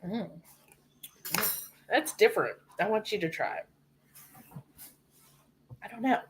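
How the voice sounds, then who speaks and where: A woman's voice: mid-range voice, expressive, takes it slowly, noisy background. A woman co-hosting a live cooking stream, chatting and reading viewer comments aloud. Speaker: cooking show co-host.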